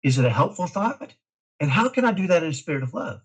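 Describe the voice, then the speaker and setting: Husky man, fairly high voice, emphatic and driven, interview guest. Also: quick pace, rough recording. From Dallas, Texas. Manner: energetic, emphatic, self-described type A. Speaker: parent guest. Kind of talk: casual podcast interview.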